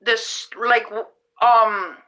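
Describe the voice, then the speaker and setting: High, bright, unhurried middle-aged woman. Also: steady tone, poor audio. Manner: rambling, restarts mid-sentence, chatty. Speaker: rideshare driver and podcast host. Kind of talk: casual chat.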